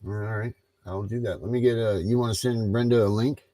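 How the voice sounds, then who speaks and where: A man's voice: fairly low pitch, fairly even intonation, fairly quick, warm tone, rough recording. A man hosting a casual livestream chat, loose and rambling, with frequent ums. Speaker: livestream host.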